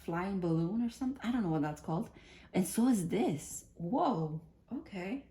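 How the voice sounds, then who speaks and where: A woman's voice: on the low side, lively intonation, normal speed, mellow. Chatty, giggly woman reading tarot cards. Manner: chatty, giggly, thinks aloud with many restarts. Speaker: tarot reader. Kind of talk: casual spiritual card reading.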